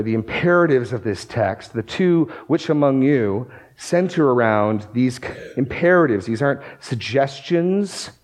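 A male pastor delivering an expository sermon in a voice of middling pitch. He reads verses aloud and drives his points home, lifting sharply on the words he wants to land. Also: a little mellow, poor audio. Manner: expository preaching, rising to emphatic bursts on key words; quotes scripture aloud, reads verses with emphasis.

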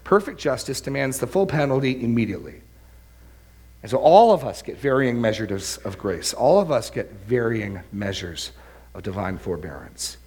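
A man's voice: medium pitch, animated, moderate pace, darkish tone. A man preaching a sermon, earnest and emphatic, often repeating words. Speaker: pastor.

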